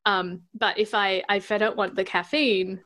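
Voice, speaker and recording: A woman's voice: mid-range voice, steady tone, normal speed, a bit bright. A woman, a podcast guest chatting casually and giggling often, with hesitant starts. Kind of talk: casual chat.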